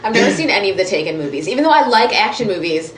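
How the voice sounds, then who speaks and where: Lively woman podcast co-host, echoey room. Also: mid-range voice, rapid-fire. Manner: playful, animated, teasing. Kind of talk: casual chat. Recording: roomy echo, faint background noise.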